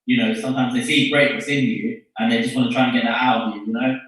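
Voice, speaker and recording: A man's voice: mid-range voice, steady tone, quick pace, fairly bright tone, distant mic. Interviewer man in an echoey room. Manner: short agreeing backchannels, then sympathetic comments. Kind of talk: interview chat.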